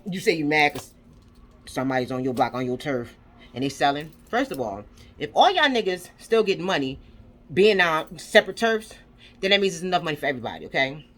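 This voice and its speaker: A woman's voice: deep voice, animated, a little fast, a bit bright. A woman vlogger ranting angrily, swearing and firing off rhetorical questions with lots of repetition. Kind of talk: angry commentary rant.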